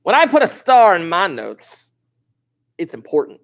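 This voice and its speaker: A man teaching a high school statistics class, casual and offhand, who slows down and repeats key points for emphasis. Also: wildly swooping pitch, creaky. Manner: informal, offhand asides. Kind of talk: classroom lecture.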